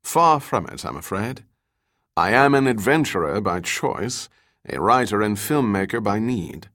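Casting: male narrator as a courtly, low-voiced middle-aged gentleman, audiobook. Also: animated, unhurried. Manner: formal, courtly phrasing. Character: tall middle-aged gallant gentleman, baroque speech.

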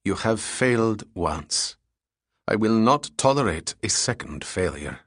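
A man voicing a cold, ruthless male crime boss in an audiobook, speaking slowly with icy menace. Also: lowish voice, lively intonation, fairly bright tone, no echo, clean studio sound. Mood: icy, menacing. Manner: slow, deliberate, icy menace. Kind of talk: audiobook character voice.

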